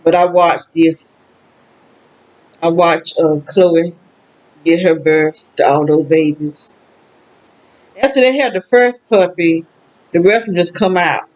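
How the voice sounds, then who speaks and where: An older Southern woman vlogs alone to the camera in a low-quality recording, her lowish, slightly mellow voice slow and full of pauses. She's sad, rambling and emotional through a casual personal monologue, with frequent laughs and exclamations.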